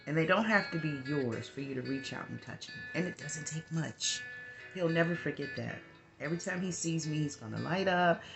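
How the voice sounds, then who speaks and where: A woman giving a casual spiritual message as a healer and advisor, chatty and meandering with lots of asides. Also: low voice. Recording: guitar music playing clearly behind. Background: guitar music.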